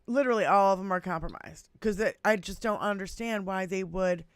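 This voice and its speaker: A woman's voice: mid-range voice, brisk, clear, resonant tone, dry recording. A woman in her fifties co-hosting a casual political podcast chat, swearing freely, talking with animation and laughing often. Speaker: podcast co-host.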